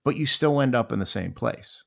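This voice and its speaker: A man's voice: mid-range voice, lively intonation, normal speed, creaky. A man in his forties telling a personal story in a rambling, reflective way, often repeating phrases.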